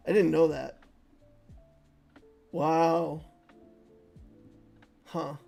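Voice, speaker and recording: Playful, gravelly high-voiced male streamer. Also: unhurried, pauses often, a little mellow, faint music behind. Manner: playful, chatting with viewers and laughing easily. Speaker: gaming streamer. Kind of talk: casual live-stream game commentary.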